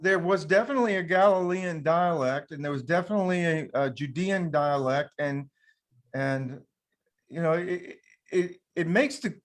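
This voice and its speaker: A man with a Southern American accent hosts a casual panel talk, his voice sitting a little high. He speaks in a folksy, conversational way, often restarting his sentences as he thinks aloud. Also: normal speed. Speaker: panel host and teacher.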